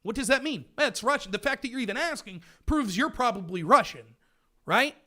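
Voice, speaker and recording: Mocking male livestream host from the US, high voice, swings up and down a lot. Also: expressive, fairly quick, sharp tone. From United States. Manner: sarcastic, mocking, ranting. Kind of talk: livestream commentary reading chat.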